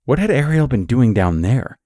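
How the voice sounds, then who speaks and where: A man narrating a scripted horror story in a measured, steady way. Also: medium pitch, dry recording, clean studio sound.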